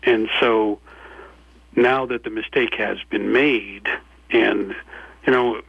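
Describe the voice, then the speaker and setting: A man from New York, speaking as a guest in a reflective, measured way. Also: fairly low pitch, fairly even intonation, gravelly, husky, no room sound, dull audio. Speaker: guest author. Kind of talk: reflective interview talk.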